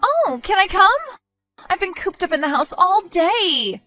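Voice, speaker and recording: A woman's voice: very high-pitched, very animated, unhurried, bright, forceful tone, soft background music, exaggerated voice. A woman playing a demanding, sulky pregnant young girlfriend who whines and sneers. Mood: whiny. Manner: whiny, sarcastic.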